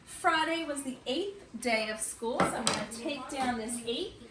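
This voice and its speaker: A woman teaching kindergarten and first graders in an online morning meeting, slow and sing-song. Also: sits high, roomy sound, far from the mic, very noisy. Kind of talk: remote morning meeting lesson. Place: at home or classroom on camera.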